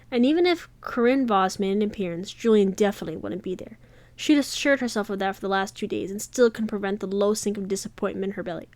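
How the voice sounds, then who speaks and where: A woman's voice: mid-range voice, darkish tone, no echo. Woman reading a novel aloud, chatty. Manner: chatty asides full of likes.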